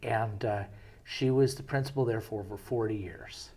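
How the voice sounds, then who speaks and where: Middle-aged male host, husky voice, chatty storyteller who sets up questions with anecdotes. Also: fairly low pitch, normal speed, dark tone. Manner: conversational storyteller, chatty with fillers. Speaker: show host.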